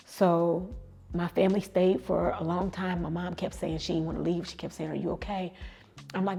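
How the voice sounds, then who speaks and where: A middle-aged woman recounts a hard memory in her own words, acting out what each person said with emotion. Her voice sits a little low and carries a gravelly edge. Soft music plays faintly behind her. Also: level tone. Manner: emotional, reenacts dialogue with quick asides. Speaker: guest telling her story. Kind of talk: personal storytelling.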